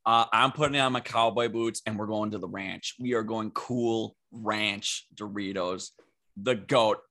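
A young man talks with a bright, forceful tone, worked up and swearing as he rants to his co-host. His delivery is loose and conversational, jumping between gripes with quick restarts. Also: fairly low pitch. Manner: animated, swearing, ranting. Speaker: podcast co-host. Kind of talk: casual chat.

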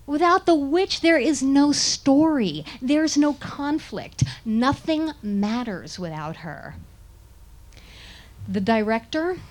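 Higher-voiced woman telling a comic story. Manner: animated, indignant and laughing through the story. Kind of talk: first-person comic storytelling.

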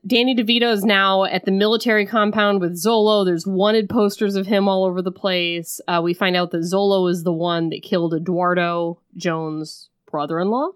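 A woman co-hosting a podcast in casual chat, recapping a film and acting out quick bits of its dialogue. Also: medium pitch, steady tone, smooth, no echo, clean studio sound. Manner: chatty, retells scenes with quick acted-out quotes.

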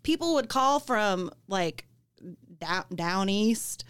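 A woman co-hosting a casual podcast, telling lively anecdotes with animated asides. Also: medium pitch, slow, clear, resonant tone. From northern US. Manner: lively storyteller, animated quotes. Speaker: podcast co-host. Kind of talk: casual podcast chat, storytelling.

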